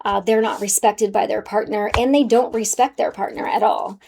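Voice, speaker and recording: A woman's voice: mid-range voice, steady tone, normal speed, vocal fry, background noise. A woman giving a casual, sassy spiritual card reading to the viewer, calling them honey. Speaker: tarot card reader.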